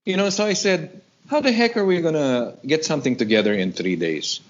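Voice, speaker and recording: A man from the Philippines in his sixties, telling stories in a casual interview, who acts out the other people in a higher voice. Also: fairly quick. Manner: animated, acts out quoted voices in a higher pitch. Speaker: guest rock vocalist. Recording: dull lo-fi audio.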